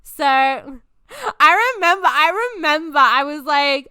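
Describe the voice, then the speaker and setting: A woman's voice: high-pitched, animated, slow, pushed and bright, no room sound. A woman in her twenties hosting a podcast, telling personal stories in a loose, chatty way, swearing freely and laughing often. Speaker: podcast host. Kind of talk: casual storytelling chat.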